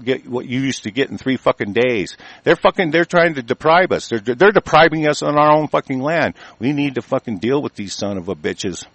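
A man delivering an angry, heated political rant full of profanity, with sudden louder bursts. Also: medium pitch, no echo.

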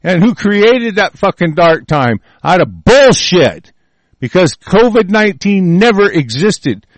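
A man's voice: high voice, very animated, a little slow, no echo. A man delivering a heated, profane political rant, stumbling over his words.

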